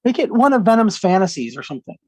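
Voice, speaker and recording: A man's voice: sits high, very animated, fast talker, dry recording. Sarcastic man on a podcast. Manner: dismissive, sarcastic, jokey. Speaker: podcast co-host, film critic. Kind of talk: casual chat.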